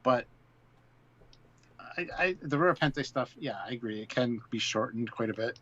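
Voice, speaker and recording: A man's voice: medium pitch, expressive, a little slow, fairly bright tone, dull audio. A man co-hosting a casual live film discussion, rambling and repeating words while he searches for what to say. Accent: British. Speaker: co-host.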